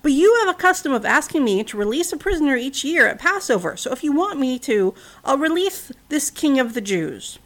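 A woman's voice: sits high, very animated, brisk, few pauses, a bit bright. A woman voicing a troubled Roman governor who pleads with an angry crowd, speaking in an earnest, slightly raised storytelling voice. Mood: reasoning. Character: uneasy Roman governor, a grown man, pleading with a mob.

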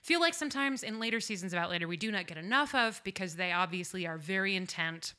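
A woman's voice: lowish voice, expressive, quick pace, sharp tone, clear, resonant tone. A woman co-hosting a podcast, chatting casually about a TV episode, swearing freely and laughing often. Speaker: podcast co-host. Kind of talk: casual chat recap.

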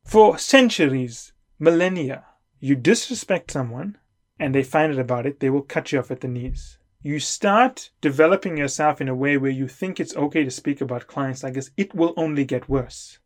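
A man's voice: mid-range voice, moderate pace. A middle-aged man giving an emphatic, lecturing talk as a consulting coach. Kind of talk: lecture to camera.

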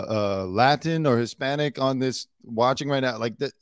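A man's voice: medium pitch, animated, moderate pace, few pauses, no echo, studio quality. A man hosting a casual news commentary show, chatting and mocking clips with plenty of fillers.

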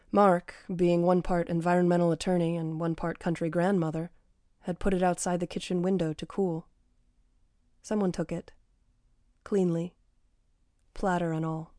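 Dry-voiced woman reading memoir, low and mellow. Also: moderate pace, no echo. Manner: dry, understated delivery with deadpan asides. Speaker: author reading her memoir. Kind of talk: first-person memoir reading.

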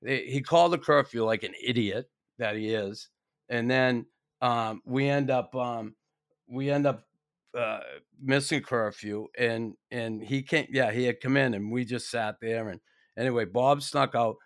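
A man's voice: mid-range voice, a little slow, dry recording, clean studio sound. A man hosting a podcast, chatting casually with emphatic, salty remarks and pointed questions. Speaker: podcast host. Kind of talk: casual chat.

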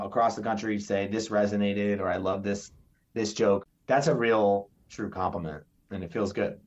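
A man's voice: fairly low pitch, lo-fi sound. A man, a stand-up comedian, chatting on a podcast and telling stories with acted-out quotes. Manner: animated storyteller, acts out quotes. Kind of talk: casual interview chat. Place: New York area.

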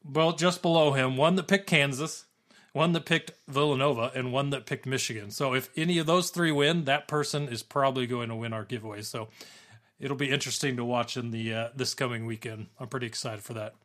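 A man's voice: mid-range voice, steady tone, fairly quick, a bit bright. A man co-hosting a gaming podcast, chatting and explaining game mechanics with frequent restarts. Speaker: podcast co-host. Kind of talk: casual gaming podcast chat.

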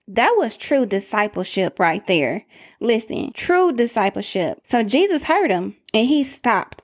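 A woman preaching a sermon in an emphatic way, calling out to her listeners. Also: a little high.

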